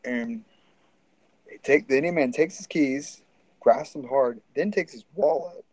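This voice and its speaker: A man's voice: mid-range voice, expressive, measured pace, a little mellow, dry recording, poor audio. A man telling a story in a casual, rambling and profane way.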